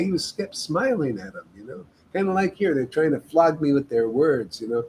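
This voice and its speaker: A man's voice: a little high, big pitch swings, normal speed, darkish tone, poor audio. A man leading a devotional meetup, preaching in an emphatic, casual way and often tagging his sentences with "man". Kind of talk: informal devotional sermon.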